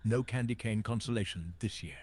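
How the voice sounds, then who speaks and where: A man's voice: lowish voice, brisk, heavy background noise, close to an everyday voice. A synthetic male voice playing a jolly old Santa Claus chatbot, chatting cheerily in holiday wordplay. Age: older.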